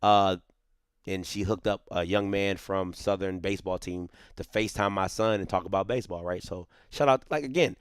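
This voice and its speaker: A man's voice: medium pitch, smooth, no echo, studio quality. A man hosting a sports show, giving casual, opinionated commentary. He talks emphatically, repeats his points, restarts sentences and often tags them with "right?".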